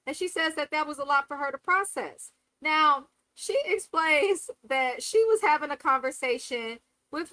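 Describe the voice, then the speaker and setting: A woman's voice: sits high, pushed and bright, no room sound, rough recording. A woman hosting a live reality TV recap, talking candidly and profanely and acting out cast members' lines. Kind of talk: live casual review commentary.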